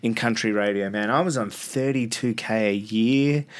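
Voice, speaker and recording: A man's voice: lowish voice, moderate pace. A man with an Australian accent, a radio host talking as a guest in a casual podcast interview, laid-back and rambling with lots of fillers.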